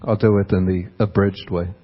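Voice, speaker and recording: A man's voice: low voice, little pitch movement, normal speed. A man who is a Buddhist monk, telling a personal story in a dharma talk and chuckling often as he goes. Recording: dull lo-fi recording.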